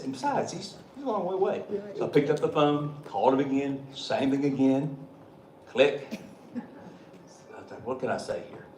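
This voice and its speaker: Addressing a meeting, a state treasurer in middle age shares jokey, down-home stories and laughs often along the way. His voice is mid-range and a little mellow, captured in an echoey hall with some faint noise behind him.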